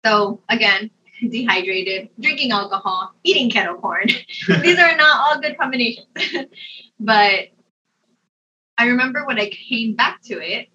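A young adult woman telling a personal story in a casual, animated way, laughing often and using lots of fillers. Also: a little high, measured pace, a little hiss or hum. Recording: dull, distant mic sound.

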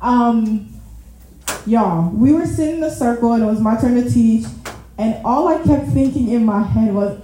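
A woman preacher with a warm, slightly high voice speaks at a moderate pace, chatting casually, calling her listeners y'all and often laughing at herself. The room she's in is very echoey.

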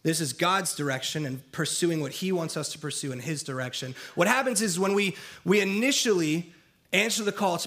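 A man's voice: on the high side, moderate pace, a bit bright. A young man preaching a sermon, earnest and building emphasis through repetition. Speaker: pastor.

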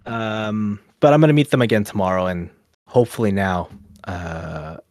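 In a lowish, darkish voice at a moderate pace, a podcast co-host spins a long, casual story packed with fillers and quoted asides. The recording is clean studio sound with no echo.

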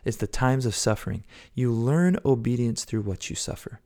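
Gravelly preacher, loud then whispering. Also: male voice, medium pitch, moderate pace. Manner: earnest, swings from loud exhortation to hushed whispers. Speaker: podcast preacher. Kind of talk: sermon-style devotional podcast.

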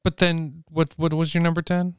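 A man's voice: on the high side, flat delivery, moderate pace, smooth, no echo, studio quality. A young man in a casual chat, blunt and opinionated.

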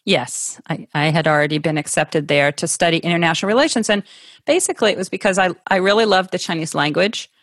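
A middle-aged woman from Ohio, USA, appears as a conversational interview guest, her voice slightly low, thoughtful, and a bit bright. She occasionally pauses and restarts, with light laughter. The audio is close and dry, without room echo.

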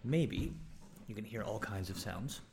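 A man making intimate spoken audio, talking softly and often dropping into a whisper, with rambling asides. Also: low-pitched, a little slow, slight background noise. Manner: soft, murmured, often whispering; rambling, self-deprecating asides. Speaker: erotic audio creator.

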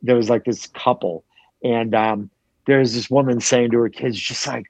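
A man's voice: mid-range voice, a little slow, a little mellow, no echo, lo-fi sound. A man chatting casually about a trip, rambling and swearing with many restarts. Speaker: traveler recounting a trip. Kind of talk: casual chat.

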